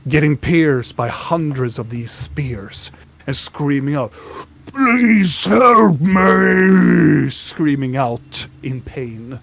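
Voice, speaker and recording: Slow-talking male game master. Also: mid-range voice, steady tone, darkish tone. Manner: descriptive, with restarts. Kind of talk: narrating a tabletop game.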